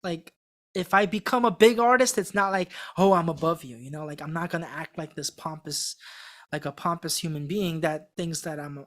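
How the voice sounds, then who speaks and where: A woman being interviewed as a singing contestant, telling her story in a casual, rambling way full of fillers and restarts. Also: deep voice. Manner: acts out quoted people in a mock-excited voice. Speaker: singing contestant guest on a podcast.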